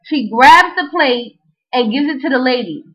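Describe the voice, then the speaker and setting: A young woman, telling a casual, slangy, animated story in a vlog. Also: sits high, normal speed. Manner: animated, slangy, frequent "you know what I'm saying". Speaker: vlogger. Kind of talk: casual storytelling and freestyle rap. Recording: dull lo-fi home recording.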